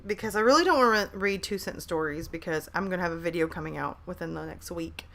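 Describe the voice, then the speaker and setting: A bright-voiced woman in her thirties talks into a desk mic at her laptop during a home live stream. She is hyper and chatty, greeting viewers and reading their messages aloud. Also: lowish voice, fast. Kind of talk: casual live stream chat. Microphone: desk microphone at a laptop.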